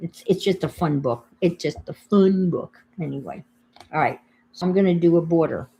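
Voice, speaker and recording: An older woman with a New York accent and a deep, dark voice with vocal fry talks at a normal pace while crafting live. She chats casually, greets her viewers and narrates her thinking as she works, with a little background noise.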